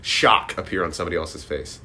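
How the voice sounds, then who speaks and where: A man's voice: low-pitched, brisk, sharp tone, a little hiss or hum. A young man hosting a casual movie podcast, rambling with many restarts. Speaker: podcast host. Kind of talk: casual chat.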